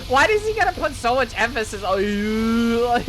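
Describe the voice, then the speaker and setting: A woman's voice: on the high side, slow pace, poor audio. A woman streamer giving casual gameplay commentary, rambling and correcting herself as she goes. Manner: rambling, self-correcting, laughs often. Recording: steady background noise.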